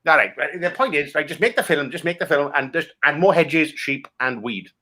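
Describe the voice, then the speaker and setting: A Welsh man with a bright, forceful voice that swings up and down a lot. He rants crudely through improvised comedy chat, swearing freely as he pulls film pitches apart. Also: expressive, fairly quick. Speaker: comic guest critiquing film pitches.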